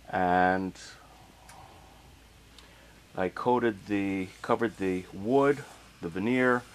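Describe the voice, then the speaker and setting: A man casually narrating a hands-on turntable repair in a relaxed, plainspoken way while he works in a home workshop. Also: sits low. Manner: relaxed, plainspoken, working as he talks. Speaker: hobbyist restoring a turntable.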